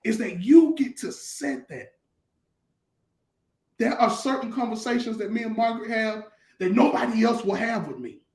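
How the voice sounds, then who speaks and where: Pastor, male, high-pitched, emphatic colloquial teller; roomy recording. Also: very animated, moderate pace, a little mellow. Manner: emphatic, repetitive, colloquial storytelling. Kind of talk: conversational talk-show teaching.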